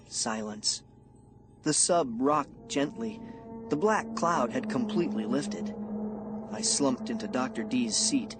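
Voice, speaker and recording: Male audiobook reader, slow and lively in pitch, suspense narration over a music bed. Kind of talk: scripted first-person audiobook narration.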